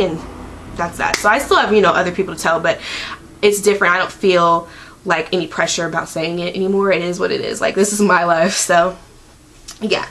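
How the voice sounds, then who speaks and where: A woman's voice: mid-range voice, a bit bright. A young woman in her twenties talks to her camera at home in a loose, rambling vlog style. She leans heavily on "like" and "um" as she goes. A faint background hum sits under her voice. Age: 20s. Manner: chatty, rambling, lots of "like" and "um". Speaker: vlogger. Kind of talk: casual chat.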